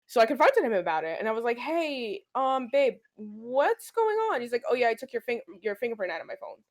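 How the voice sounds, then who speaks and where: Her fairly high voice races along as this young woman, a podcast co-host, recounts a tale in relaxed conversation. Profanity flows freely, and she animatedly voices each person's dialogue.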